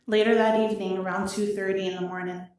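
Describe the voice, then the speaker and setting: A woman reading her own victim impact statement aloud in a courtroom, emotional and halting, her voice wavering with grief. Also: mid-range voice, little pitch movement, a little mellow. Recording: echoey courtroom audio from far off.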